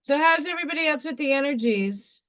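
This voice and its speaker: A woman hosting a craft livestream, chatting casually and excitedly while she works and talks to herself. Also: sits high, quick pace. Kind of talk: casual live-stream chat while crafting.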